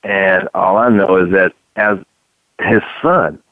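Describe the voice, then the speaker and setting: Radio sports co-host, male, lowish voice, laid-back, thin phone-like sound. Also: no room sound. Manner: conversational, drawn-out, repeats "man". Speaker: sports talk show co-host, former football player. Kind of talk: casual radio sports talk.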